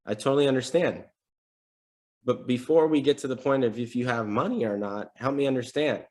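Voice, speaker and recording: A man's voice: mid-range voice, a little fast. A man coaching salespeople on a live stream, talking casually and energetically and acting out sample sales calls. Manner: energetic, conversational teaching with role-played examples. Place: home desk setup.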